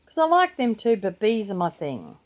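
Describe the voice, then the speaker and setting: A woman's voice: mid-range voice, huge pitch swings, normal speed. An older Australian woman with a grandchild, chatting casually and rambling through her planner and pens in a vlog. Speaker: vlogger. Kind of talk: casual chat.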